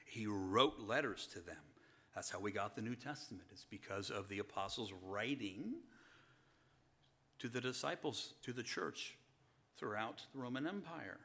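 This pastor's sermon comes in a low-leaning, animated, bright voice with a forceful edge, at normal speed. He addresses the congregation as saints, fires off rhetorical questions he answers, and surges into emphatic passages.

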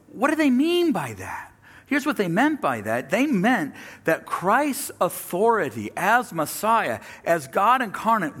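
A man preaching a sermon, acting out the people he quotes with sudden drops to a hush and rises to a loud, higher pitch. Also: slightly rough. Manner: acts out quoted speakers with dramatic pitch and volume swings. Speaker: pastor.

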